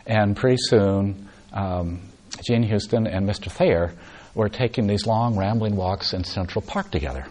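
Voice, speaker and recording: A man giving a meditation retreat talk, telling a story in a soft, unhurried way. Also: lowish voice. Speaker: meditation teacher.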